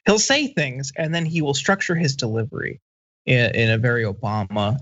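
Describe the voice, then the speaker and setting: A man in his thirties, a guest on a political commentary show, talking bluntly and dismissively, with halting restarts. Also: mid-range voice, fairly bright tone, no echo, dull audio.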